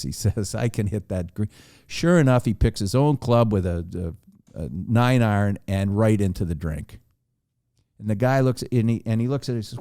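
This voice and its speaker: A man's voice: on the low side, normal speed, dark tone, dry recording, clean studio sound. A man telling a long anecdote on a podcast, acting out the dialogue with animation. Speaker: podcast guest storyteller.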